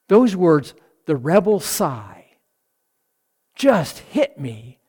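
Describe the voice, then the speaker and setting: A man's voice: fairly high pitch, big pitch swings, very slow, pauses often, darkish tone, husky. A man delivering a devotional sermon in a slightly raised voice, taking his time over each phrase. He sighs audibly and swells into fervent emphasis on key points. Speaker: preacher.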